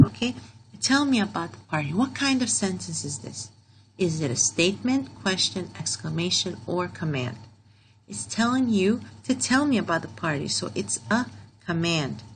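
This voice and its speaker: A woman's voice: fairly low pitch, noisy background. A woman teaching a grammar lesson to young learners, patiently repeating key points and checking in with "okay?" as she goes.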